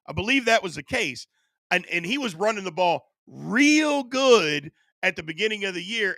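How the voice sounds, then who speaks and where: A man hosting a live sports stream, chatting casually and answering his chat, his voice going hoarse. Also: sits high, no echo, studio quality. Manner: animated, reads and answers chat. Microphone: studio USB microphone.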